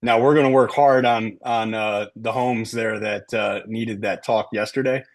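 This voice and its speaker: A middle-aged man, a sales trainer, coaches his team in a lowish, steady voice at a slightly slow pace. He talks emphatically and keeps checking in with "right?"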